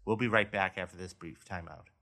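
A man's voice: deep voice, a little fast, sharp tone. A man hosting a movie news podcast, reading out stories and then chatting about them casually. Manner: reads news stories aloud, then chats. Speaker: podcast host.

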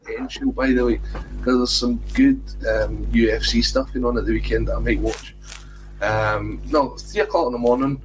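A man's voice: mid-range voice, steady tone, moderate pace, background noise. Chatty Scottish man hosting a podcast. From Scotland. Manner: chatty, self-mocking banter. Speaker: podcast host. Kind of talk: casual football chat.

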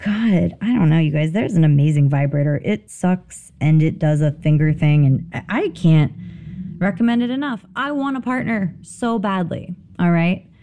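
A woman hosting a spiritual podcast, talking candidly with swearing and animated storytelling. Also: low-pitched, moderate pace, dull audio. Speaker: podcast host. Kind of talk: casual spiritual talk.

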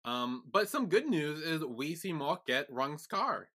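A man co-hosting a casual recap podcast, calmly retelling the plot step by step. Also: a little high, unhurried. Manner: calm, retelling plot in steps. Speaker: podcast co-host.

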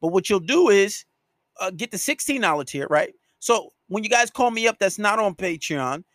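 High-voiced man on a profane rant. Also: expressive, moderate pace, fairly bright tone, no room sound, studio quality. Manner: profane, scolding and emphatic. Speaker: podcast host and dating coach. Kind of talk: solo podcast rant.

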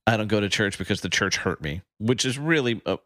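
A man co-hosting a podcast, chatting in a relaxed, joking way with rambling asides. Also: lowish voice, brisk, no room sound, studio quality. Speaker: podcast co-host. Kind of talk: casual chat.

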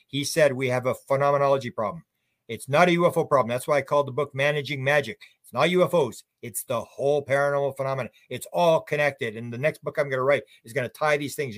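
Recorded with no echo, an older man of medium pitch speaks as an author guest on radio. His responses drift, restart often, and state his views bluntly.

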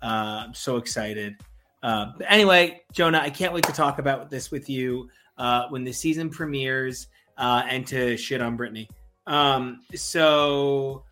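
Bright-voiced excitable male podcast host. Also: medium pitch, a little slow, faint music behind. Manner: excitable, many fillers, joking. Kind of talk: casual podcast chat. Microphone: remote call.

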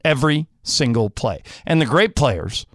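A man's voice: mid-range voice, sing-song, measured pace, no echo, clean studio sound. A man co-hosting a sports radio show, arguing his opinions emphatically. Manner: emphatic, argumentative.

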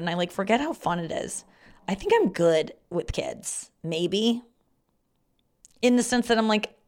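A young woman hosts her own podcast and talks through stories from her week in a loose, casual way. She swears often and breaks into loud quoted outbursts now and then. Her voice sits a little lower than most women's. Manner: swears freely, acts out loud quoted shouts. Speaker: podcast host. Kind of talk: casual storytelling monologue.

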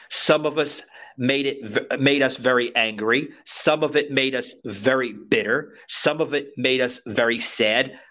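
A man's voice: mid-range voice, fairly bright tone. A man hosting a podcast, talking emphatically and repeating himself as he speaks straight to his listeners. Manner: emphatic, repetitive, addresses listeners as folks. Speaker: podcast host. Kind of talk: casual talk show discussion.

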